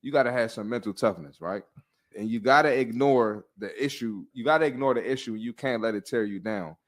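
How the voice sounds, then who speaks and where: A young man in casual podcast banter, talking bluntly and with lots of slang. His pitch sits in the middle of the range, and he often breaks into laughter as he drives his points home. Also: a little fast. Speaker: fitness podcast host.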